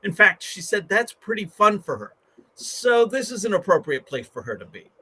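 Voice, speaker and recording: A man's voice: sits high, big pitch swings, normal speed, sharp tone, breathy edge. A man hosting a live online business show, upbeat and inviting as he introduces the panel. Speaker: host.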